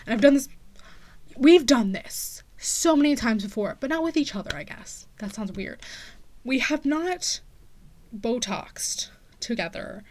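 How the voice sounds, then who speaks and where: A woman's voice: fairly high pitch, lively intonation, a little slow, a little mellow. A young woman in her late teens hosting a podcast, telling a story in a chatty, sassy way and saying "like" a lot. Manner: chatty and sassy, heavy use of "like". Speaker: podcast host. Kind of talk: casual storytelling monologue.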